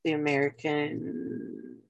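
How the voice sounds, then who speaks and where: A woman's voice: deep voice, slow, creaky, highs cut off. A woman co-hosting a podcast in casual chat, laughing often and agreeing readily. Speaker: podcast co-host.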